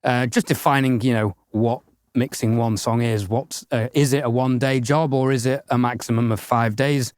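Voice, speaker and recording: Measured male podcast co-host. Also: medium pitch, steady tone, a little mellow, dry recording, studio quality. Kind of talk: casual podcast chat.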